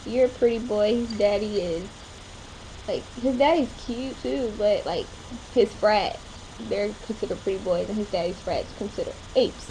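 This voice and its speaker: A woman's voice: mid-range voice, normal speed, mellow, slight background noise, rough recording. A young woman chatting casually in a home vlog, rambling along with short laughs. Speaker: vlogger. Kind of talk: casual chat.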